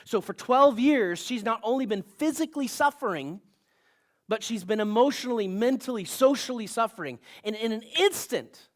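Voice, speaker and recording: A male pastor giving a sermon in a conversational style, with asides and bursts of rising emphasis. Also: high-pitched.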